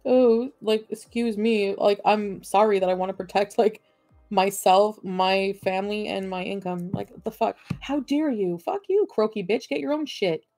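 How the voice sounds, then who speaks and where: Angry sarcastic woman streamer, dark tone, dry desk-mic sound with faint music. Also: mid-range voice, moderate pace, dry recording. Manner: profane, combative and sarcastic. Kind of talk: livestream rant at chat.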